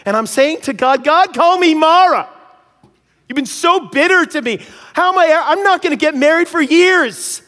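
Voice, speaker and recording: A man preaching from the pulpit, weaving a personal story into his sermon and acting out the other people in it. His voice sits a bit high, and a long church reverb trails after each phrase. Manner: animated storytelling, acts out quoted voices. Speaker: pastor.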